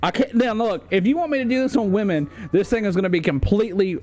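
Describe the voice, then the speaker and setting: A man's voice: sits high, quick pace, a little mellow, soft background music. A man from the United States doing livestream commentary as he ranks a tier list, rambling and swearing with plenty of fillers and restarts. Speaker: streamer.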